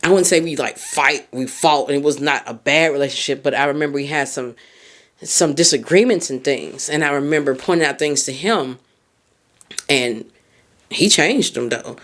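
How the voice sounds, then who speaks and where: A woman hosting a podcast as a mindset coach, giving heartfelt advice and speaking straight to the listener. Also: normal speed. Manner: expressive pitch swings on emphasis.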